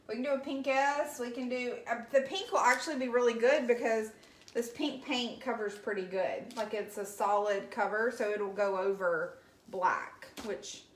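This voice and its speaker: Chatty Southern woman in an echoey room. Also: fairly high pitch. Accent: Southern US, Alabama. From Alabama. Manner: chatty and folksy, answers viewer comments aloud. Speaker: craft livestream host. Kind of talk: casual livestream chat while painting.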